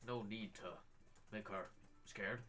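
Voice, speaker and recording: A man doing a gruff tusked brute with broken speech. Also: fairly even intonation, slow pace. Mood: gruff simple. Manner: broken caveman grammar, low gruff. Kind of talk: tabletop role-play.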